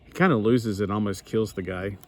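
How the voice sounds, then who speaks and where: A man's voice: fairly low pitch, a little fast, noisy background. A man giving a casual comic book review in a rambling way, full of restarts, asides and exasperated griping.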